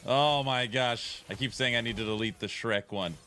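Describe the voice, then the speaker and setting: A man's voice: medium pitch, moderate pace, pushed and bright, soft background music. A man chatting casually on a live stream, playful and teasing as he talks back to his viewers.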